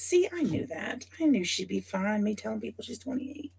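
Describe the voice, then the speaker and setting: Chatting with viewers by name while she works, this woman hosts a relaxed scrapbooking livestream and thinks out loud with lots of asides. Her medium-pitched voice is sing-song and gravelly at a moderate pace, with a faint hiss or hum in the background.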